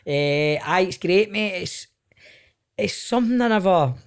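A middle-aged man with a Glaswegian Scottish accent, chatting as a podcast guest. He tells animated stories, laughs often and swears freely. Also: high-pitched, measured pace, clear, resonant tone. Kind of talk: casual chat.

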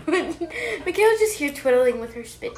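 A woman's voice: high voice, big pitch swings, unhurried, a little mellow, slight background noise. A teenage girl co-hosting a casual podcast chat, blunt and needling her friends with laughs. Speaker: podcast co-host.

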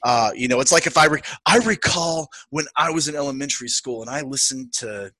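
A man co-hosting a podcast, chatting casually and with strong opinions about politics, often slipping into quick impressions of the people he talks about. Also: medium pitch, no room sound. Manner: opinionated, animated, quotes people in put-on voices. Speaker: podcast co-host.

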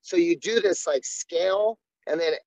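A man's voice: high-pitched, moderate pace, a little mellow, no room sound. A man, a jiu-jitsu coach, talking candidly and earnestly in a casual interview, often restarting his sentences. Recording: dull, dry sound.

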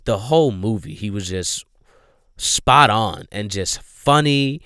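A man hosting a casual movie review chat, emphatic and profane, breaking into loud outrage. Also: lowish voice, animated, slow, smooth, dry recording, studio quality. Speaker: podcast host reviewing movies.

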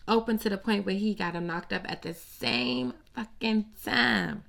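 A woman with a gravelly, fry-tinged voice runs through celebrity gossip in a casual, unscripted way. Her delivery is blunt, profane and sassy, with an animated bounce. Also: mid-range voice, unhurried. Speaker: host.

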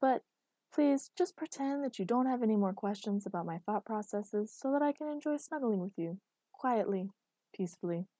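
Woman doing a deadpan exasperated boyfriend. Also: mid-range voice, moderate pace, dry recording, lightly acted. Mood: dry. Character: dry, patient exasperated boyfriend.

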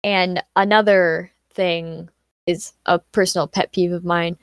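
A woman in a casual chat, a student telling animated stories from school. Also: lowish voice, a little slow, clean tone, no room sound, studio quality. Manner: chatty, animated storytelling with acted-out quotes. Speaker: student co-host.

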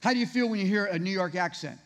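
A man's voice: high voice, quick pace. A man preaching a conversational sermon, firing rhetorical questions at his congregation. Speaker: pastor. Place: church sanctuary. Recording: reverberant hall.

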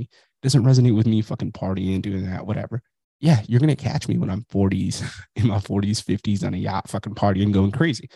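A man's voice: lowish voice, creaky, warm tone, breathy edge, no echo. A man in his thirties hosting a podcast, talking bluntly and profanely in a casual motivational monologue, while dealing with a migraine. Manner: blunt, profane, self-reflective. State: has a migraine. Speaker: podcast host.

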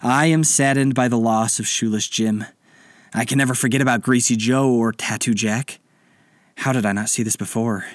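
A man's voice: mid-range voice, steady tone, moderate pace, dry recording, clean studio sound, natural voice. A man voicing a dramatic, bossy pirate captain in a storybook reading. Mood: earnest. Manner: commanding, theatrical.

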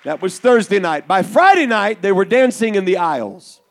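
A man preaching a Pentecostal sermon to young people, telling a story and building to shouted fervor. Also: high-pitched, animated, moderate pace, vocal fry, a faint crowd.

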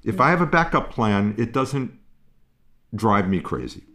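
A man explaining parenting ideas in a calm, musing way, pausing and restarting as he thinks. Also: fairly low pitch. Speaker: parenting expert guest. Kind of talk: conversational explanation.

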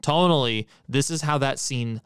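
A man's voice: mid-range voice, moderate pace, fairly bright tone, clear, resonant tone, no echo, studio quality. A man co-hosting a podcast, giving a blunt, profane, emphatic movie critique in casual chat. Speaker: podcast co-host.

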